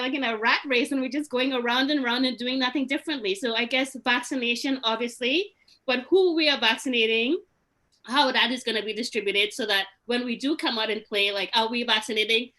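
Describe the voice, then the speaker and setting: Frustrated high-voiced woman. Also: a little fast, bright, forceful tone. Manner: frustrated, pleading, many restarts. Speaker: small business owner at a meeting. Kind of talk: emotional meeting remarks.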